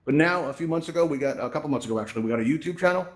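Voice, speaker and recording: A man's voice: a little high, animated, very fast. A man hosting a virtual reality tutorial event, talking casually and often tagging his sentences with "right?" and "you know", into a headset microphone. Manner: chatty, tags lines with "right?" and "you know". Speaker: host presenting a VR tutorial event. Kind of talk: casual spoken presentation.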